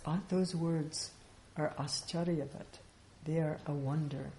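A woman's voice: sits low, mellow, a little hiss or hum. A woman giving an informal spiritual teaching, talking conversationally with rhetorical questions and light laughs. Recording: echoey room with faint ambience.

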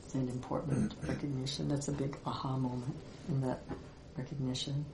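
Low-voiced woman teaching in an echoey room. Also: little pitch movement, vocal fry, background noise. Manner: reflective, with many pauses and fillers. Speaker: spiritual teacher. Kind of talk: Vedanta teaching talk.

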